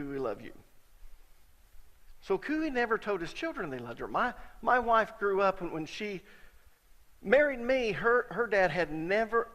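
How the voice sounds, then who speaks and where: A middle-aged man preaching a sermon as a pastor, telling stories in a conversational way and sometimes getting suddenly loud for emphasis. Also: high voice, big-room sound.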